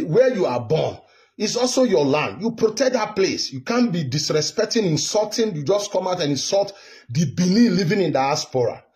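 Speaking directly to camera, this political vlogger, a Nigerian man in his fifties from Edo State, launches into an angry, repetitive monologue about politics. His voice is fairly high and a touch mellow.

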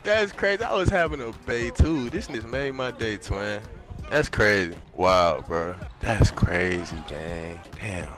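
A man's voice: fairly low pitch, animated, a little slow, fairly bright tone. A man chatting with a teammate during an online basketball video game, hyped, joking and full of slang. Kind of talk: excited game voice chat.

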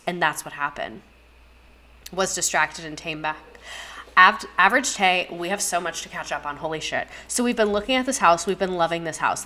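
A young woman hosts a casual livestream, talking straight to her viewers. Her voice sits a little low, and she reacts in bursts of gasps and profanity. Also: a little fast. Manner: animated, gasping, profane, talks to chat directly. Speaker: livestream host.

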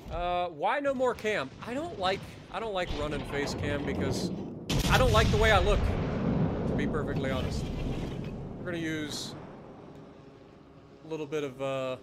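A man streaming live gameplay commentary, swearing a lot and breaking into excitable laughter. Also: a little high, normal speed, pauses often, heavy background noise.

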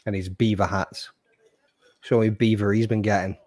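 A man's voice: lowish voice, little pitch movement, moderate pace, darkish tone, no room sound. A man hosting a podcast, chatting casually with sweary, teasing banter. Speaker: podcast host. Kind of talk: casual watch-along chat.

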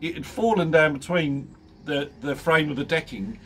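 A man's voice: fairly high pitch, moderate pace, background noise. A man vlogging casually, telling a funny story with lots of ums and laughing often. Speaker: motorcycle vlogger.

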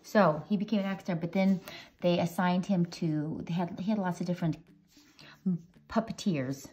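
A woman's voice: lowish voice, moderate pace, mellow. A woman leading a casual drawing tutorial, chatting playfully with children as she draws. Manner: chatty, playful, talks to kids while drawing. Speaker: drawing teacher. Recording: dull lo-fi audio with faint music.

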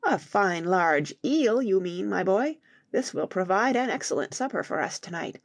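A woman voicing a calm, wise father explaining things to his sons in an audiobook. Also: medium pitch, normal speed, no room sound, clean studio sound.

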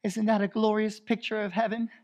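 A male pastor preaching a sermon, swinging from loud proclaiming to hushed intensity and repeating phrases for emphasis. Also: high-pitched, little pitch movement, brisk.

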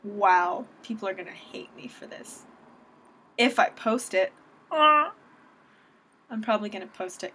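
A woman's voice: mid-range voice, a bit bright. A young woman from Southern California ranting at home into a webcam, sarcastic and self-deprecating. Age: young adult. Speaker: vlogger. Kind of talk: casual webcam rant.

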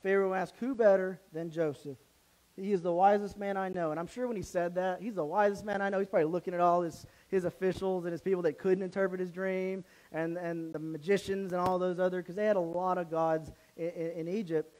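A man preaching a sermon in a church, retelling a story in a casual, animated way with many restarts. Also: high-pitched, a little fast, low-quality recording. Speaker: pastor.

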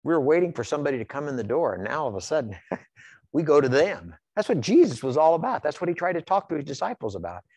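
A man from Iowa preaches in a church, spinning folksy personal stories. His pitch swings widely as he tells them. The sound is dry and close. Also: fast talker, dry recording. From Iowa, USA. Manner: folksy storytelling, animated, repeats words. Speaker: pastor. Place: church sanctuary.

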